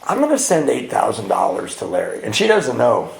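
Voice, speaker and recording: A man sharing his twelve-step recovery story at a retreat, acting out dialogue and swinging between hushed and loud. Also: medium pitch, wildly swooping pitch, fairly quick, creaky. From California. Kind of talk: twelve-step share to a live audience. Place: retreat hall with audience. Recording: roomy hall with faint ambience.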